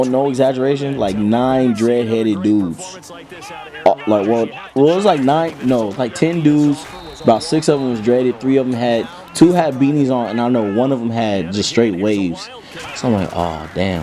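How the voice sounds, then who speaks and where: A young man from Kentucky hosting a gaming channel, telling a comic story in slangy, jokey, animated speech. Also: mid-range voice, moderate pace. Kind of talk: comic story time over gameplay.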